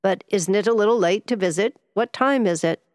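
A woman's voice: mid-range voice, fairly quick, darkish tone, no echo, clean studio sound, pitched above the performer's own voice, close to an everyday voice. A woman voicing a commanding, aloof older man who gives firm orders, in a storybook reading.

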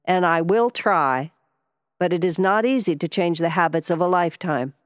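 A woman's voice: on the low side, normal speed, no room sound, studio quality, close to an everyday voice. A woman reading the part of an ailing older man who owns a yacht, speaking courteously and a little wearily. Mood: earnest. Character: ailing older male yacht owner, polite.

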